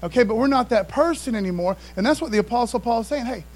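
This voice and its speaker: A man with a notably high speaking voice delivers a sermon. He talks to the congregation in a relaxed, conversational way. He leans hard into emphatic points and keeps asking for call-and-response replies. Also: fast talker, faint music behind, low-quality recording. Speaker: pastor.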